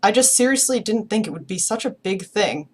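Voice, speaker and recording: A woman's voice: medium pitch, lively intonation, natural voice. Lady reading as a sorry teen guy, stumbling over his words, begging. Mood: pleading. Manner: halting and pleading. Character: remorseful teenage boy apologizing.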